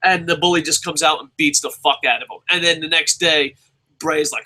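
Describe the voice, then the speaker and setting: A man's voice: on the high side, big pitch swings, moderate pace, sharp tone, husky, low-quality recording. A man hosting a live-streamed show, chatting casually in a rambling, profane, self-mocking way. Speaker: show host.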